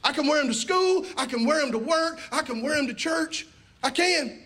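Man putting on a begging little kid, high, bright, eager, pleading, sermon storytelling. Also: lively intonation, normal speed, exaggerated voice. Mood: persuasive. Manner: pleading, breathless salesmanship. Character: eager young child begging for shoes.

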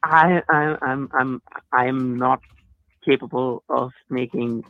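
Slow, nervous man on a phone line. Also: medium pitch, fairly even intonation, no echo. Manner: nervous, stammering start. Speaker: caller. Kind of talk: casual call-in chat.

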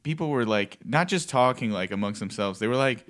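A man's voice: medium pitch, fairly quick. A young man co-hosting a podcast, telling stories in casual chat with a lot of swearing and quoted voices. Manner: profane, animated storytelling with quoted voices. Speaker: podcast co-host, stand-up comic.

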